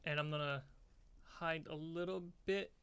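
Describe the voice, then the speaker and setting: A man playing a tabletop game, playful and quick to laugh. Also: a little high, steady tone, a bit bright, clear, resonant tone. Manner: playful, giggly. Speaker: player.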